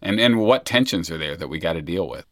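A man's voice: low-pitched, expressive, fast talker, dry recording, clean studio sound. A man hosting an interview, asking long thoughtful questions full of fillers. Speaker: host. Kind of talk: interview conversation.

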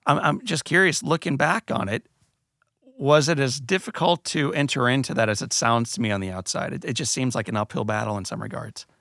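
A man's voice: medium pitch, a little fast, a bit bright, no room sound. Man, interview host, curious, dry close mic. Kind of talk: conversational interview.

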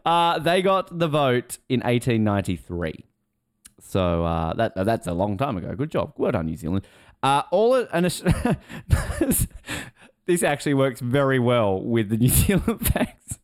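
A man's voice: mid-range voice, sing-song, a little slow, no echo, clean studio sound. A man hosting a casual podcast chat, joking and teasing as he reads out fun facts. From Australia. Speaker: podcast host.

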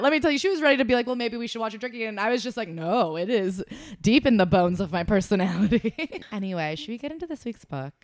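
A woman's voice: medium pitch, quick pace, dry recording. This is a young woman chatting on a podcast she co-hosts, with a mid-range voice. She tells stories with gusto, breaks into laughter and puts on little voices for the people she quotes. The sound is close and dry. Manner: animated storytelling, frequent laughter, acts out quoted people. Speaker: podcast co-host. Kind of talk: casual chat.

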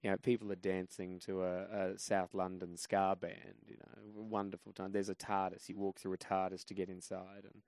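An Australian man in his twenties tells a story on a podcast. His voice sits low and the sound is dry and close. He starts measured and low-key, then grows animated. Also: no room sound. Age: 20s. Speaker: podcast guest, comedian. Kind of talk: casual storytelling chat.

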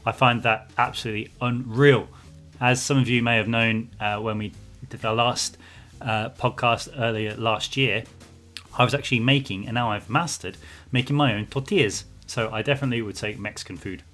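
A man's voice: medium pitch, fairly even intonation, moderate pace, fairly bright tone, soft background music. A man co-hosting a podcast, chatting casually and reading out listener messages in an upbeat way. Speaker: podcast co-host.

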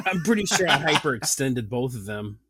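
A man's voice: medium pitch, fairly quick, slight background noise. A man in his thirties, a podcast host, telling a story in a casual chat, laughing often and filling his talk with "like.". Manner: animated storytelling, laughs often, many fillers.

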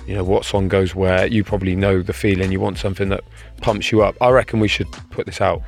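Low-voiced male podcast host. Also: fast talker, creaky, faint music behind. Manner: relaxed, friendly, plugs the show's socials. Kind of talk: casual podcast chat.

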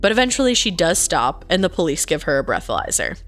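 A woman's voice: lowish voice, sing-song, fairly bright tone, soft background music. A woman co-hosting a podcast, reacting playfully and counting down odd crime stories. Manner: playful, quick reactions, teasing. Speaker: podcast co-host. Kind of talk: casual true-crime chat.

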